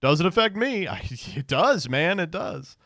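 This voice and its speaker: A man's voice: sits high, very animated, unhurried, fairly bright tone, no echo, clean studio sound. A man streaming casual political commentary, sarcastic and profane, often stammering and restarting his sentences.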